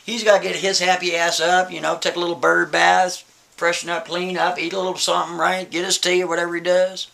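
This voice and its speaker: Bright-voiced man telling a story casually. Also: high-pitched, brisk, creaky. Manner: animated, chatty, frequent asides to the listener.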